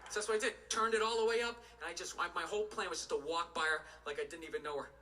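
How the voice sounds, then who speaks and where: Fast-talking ranting male comic. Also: high voice, bright, forceful tone, far from the mic. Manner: ranting, profane, exasperated storytelling. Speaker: stand-up comedian. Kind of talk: stand-up comedy routine.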